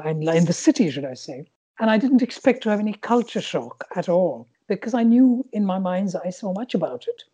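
Middle-aged woman from calcutta, bengali-tinged english, mellow husky voice, kinda dull lo-fi sound. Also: medium pitch. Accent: Bengali-influenced Indian English. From India. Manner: animated, laughing, with frequent restarts. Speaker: guest. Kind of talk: reflective storytelling.

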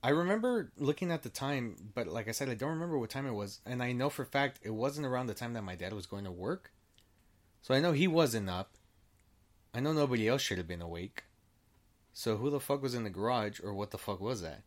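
In casual chat, a male guest tells a personal story with a mid-range, expressive voice at a slightly fast pace. He rambles, keeps restarting, and swears freely while acting out what people said.

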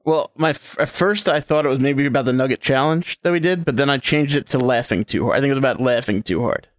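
A man's voice: medium pitch, quick pace, no room sound. Tentative male co-host, close and dry. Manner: thinks aloud, tentative. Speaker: podcast co-host. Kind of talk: casual group chat.

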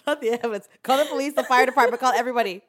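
A woman hosting a casual chat, reacting with quick comments and laughs. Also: fairly high pitch.

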